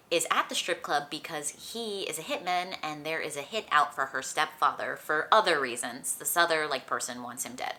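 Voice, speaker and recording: A woman's voice: deep voice, pushed and bright. A young woman who is feeling sick, chatting casually about books as a vlogger, full of "like" and light laughs. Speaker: book vlogger. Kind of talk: casual chat.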